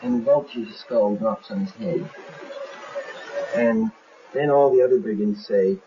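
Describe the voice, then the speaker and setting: A man's voice: lowish voice, a little slow, long pauses, some chatter behind. Man animatedly explaining his film. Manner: animated storyteller, acting out scenes. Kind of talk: casual explanation in an interview. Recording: muffled, slightly hissy archive tape.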